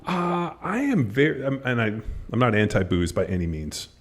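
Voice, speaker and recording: Speaking at medium pitch and a moderate pace, this middle-aged man hosts a podcast and chats casually. He's an animated storyteller who curses freely and performs other people's lines.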